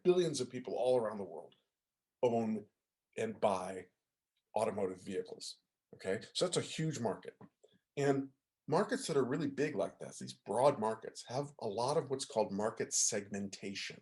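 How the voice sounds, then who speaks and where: A man's voice: fairly low pitch, darkish tone. A man, a music professor, giving a casual lecture over a video call, often asking "right?" and "okay?" to check in with listeners. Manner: conversational, asks the audience to confirm with frequent "right?" and "okay?".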